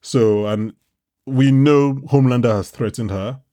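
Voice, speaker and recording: A man's voice: mid-range voice, a little slow, no room sound. Guy hosting a podcast, chatty and rambly, mid voice, dry close mic. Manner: rambling, animated, swears freely. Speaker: podcast host. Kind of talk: casual chat.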